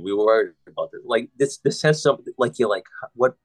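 A man's voice: medium pitch, quick pace, hardly any pauses, no room sound, rough recording. A man hosting a podcast, casually retelling film scenes, quoting lines and swearing freely. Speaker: podcast host. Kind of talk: casual film recap chat.

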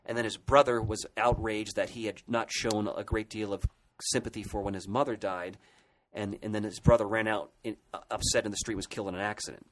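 The recording is low quality, and the man's voice sits on the low side, steady in tone and brisk. Co-hosting a casual podcast, he retells comic book history with excitement, rambling and restarting frequently.

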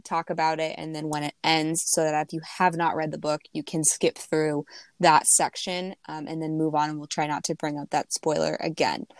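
A young woman co-hosting a casual podcast, talking fast and warmly about plans, restarting her sentences often. Her voice sits a little low. The sound is dry and close. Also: smooth, dry recording. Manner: chatty, laughs often, many restarts. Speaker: podcast co-host. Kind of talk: casual chat.

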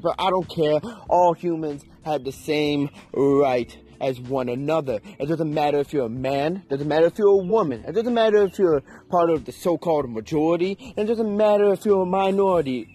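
A man's voice: a little high, dark tone, husky. A young man ranting in an unscripted, heated and profane way, with emphatic delivery. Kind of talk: unscripted rant.

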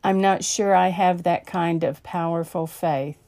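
Slow, earnest woman storyteller. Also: fairly low pitch, fairly even intonation, darkish tone. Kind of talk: scripted story narration.

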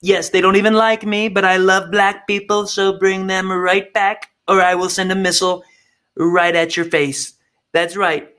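A man's voice: sits high, flat delivery, moderate pace, bright, forceful tone, clear, resonant tone. A man impersonating a boastful, blustering male president who makes demands.

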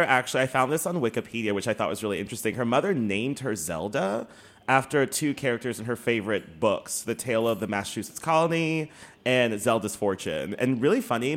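Animated man, casual podcast co-host. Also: mid-range voice. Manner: animated, swearing, laughing, many fillers. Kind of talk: casual chat.

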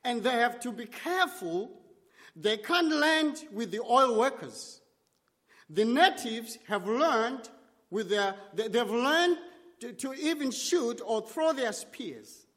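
High-voiced man preaching slowly in a hall. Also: animated, fairly bright tone. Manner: dramatic, halting delivery in short phrases. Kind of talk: sermon storytelling.

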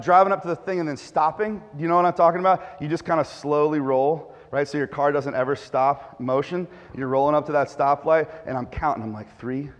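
A male pastor delivers a sermon with animated storytelling, punching his stories with sound effects. His voice sits a bit high for a man. The sound rings with the long reverb of a big church hall.

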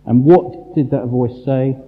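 A man preaching a sermon, emphatic and full of rhetorical questions and dramatic pauses. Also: mid-range voice, fairly even intonation. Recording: tinny phone-like sound in a large reverberant hall.

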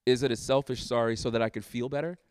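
A man's voice: medium pitch, steady tone, fast talker, a little mellow, clear, resonant tone, no room sound. A man, a pastor, talking candidly in a casual church discussion and laughing at himself as he tells stories.

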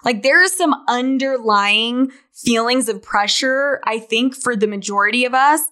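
A woman's voice: on the high side, a little slow, pushed and bright. A woman in her late twenties from Utah, hosting her podcast in a candid, chatty monologue, often laughing. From Utah, USA. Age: 20s. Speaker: podcast host. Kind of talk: casual monologue.

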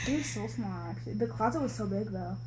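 A woman's voice: mid-range voice, expressive, quick pace, darkish tone, slight background noise, rough recording. A young woman chatting casually, cutting in to tell her side of a story with lots of slang. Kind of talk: casual chat.

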